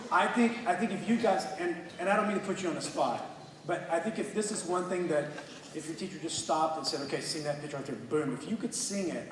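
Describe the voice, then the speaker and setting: A man coaching a student orchestra, energetic and encouraging, with quick bursts of praise. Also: fairly high pitch, slight background noise. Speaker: orchestra clinician. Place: large hall with an orchestra. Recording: echoey hall from far off, orchestra music.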